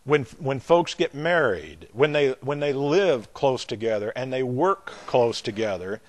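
A man's voice: medium pitch, expressive. An older man with a Southern American accent preaching a sermon, leaning hard on key words and repeating them as he builds his point. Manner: emphatic, drawn-out delivery that swells in loudness on key words.

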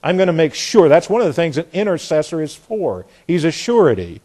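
A man preaching an expository sermon, hammering home key phrases by repeating them and dropping into quiet asides. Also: a little high, sing-song, fairly quick, slightly rough.

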